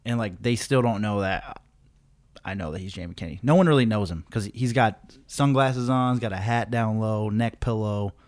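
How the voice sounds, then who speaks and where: A man's voice: lowish voice, normal speed. A man co-hosting a podcast, telling a story in a loose, profane, laid-back way with lots of fillers. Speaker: podcast co-host. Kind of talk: casual storytelling chat.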